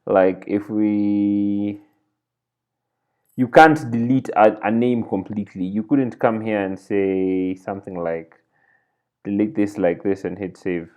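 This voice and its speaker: Speaking slowly in a lowish voice over phone-quality audio, a man leads a coding screencast indoors at his computer. He types while thinking aloud, regularly adding "right?" and "like this" as a coding tutorial instructor.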